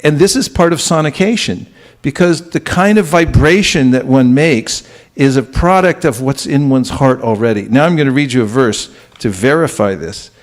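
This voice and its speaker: A man's voice: mid-range voice, moderate pace, few pauses. A man giving a spiritual lecture to a live audience, talking conversationally and often putting questions to the listeners. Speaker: spiritual teacher.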